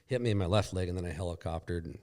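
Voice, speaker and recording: A man's voice: low voice, racing, darkish tone. A man telling a long crash story on a podcast, rambling and profane, acting out what people said. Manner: rambling, profane, acts out quoted dialogue. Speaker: podcast guest. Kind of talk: casual storytelling. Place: shop.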